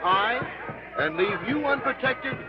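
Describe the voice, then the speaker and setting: A man's voice: sits high, animated, takes it slowly, a loud crowd. An actor playing a teasing, gallant young man at a fair, in 1930s film style. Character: gallant young man escorting his sweetheart. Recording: dull old film soundtrack.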